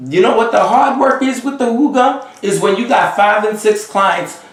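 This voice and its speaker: A man's voice: high voice, normal speed, far from the mic. A man who is a Vodou priest, giving advice in an emphatic, exasperated manner and often checking that the listener follows. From Haiti. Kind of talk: unscripted advice monologue. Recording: very echoey room, voice away from the mic.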